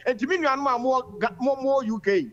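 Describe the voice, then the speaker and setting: A man's voice: very high-pitched, a little fast, fairly bright tone, highs cut off. A man calling in to a radio show, earnestly giving political views and addressing the host. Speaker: caller. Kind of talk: political call-in commentary.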